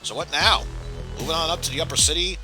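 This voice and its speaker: A man's voice: a little high, pitched above the performer's own voice, lightly acted, rough recording. A man reading the lines of a determined young male fighter, blunt and impatient, with game music behind. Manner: reads dialogue quickly, blunt and swearing.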